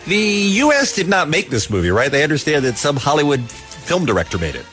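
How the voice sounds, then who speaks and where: A man's voice: a little high, very animated, a bit bright. A man hosting a radio morning show, joking and chatting with his co-host and callers. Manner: joking, quick interjections. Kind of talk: casual radio banter. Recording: radio broadcast with faint music bed.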